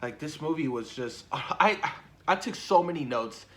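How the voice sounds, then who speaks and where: A man talking casually and excitedly about a film he loved, swearing often and repeating himself as he gets carried away. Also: on the high side, normal speed. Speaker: movie reviewer. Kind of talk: casual spoiler talk.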